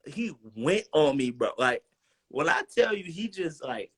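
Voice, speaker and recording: A man's voice: on the high side, unhurried, husky. A young man in his twenties, a guest on a video call, telling stories in casual slang and acting out what people said. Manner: animated storyteller, slangy, acts out quotes. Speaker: guest, former college football player. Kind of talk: casual storytelling interview.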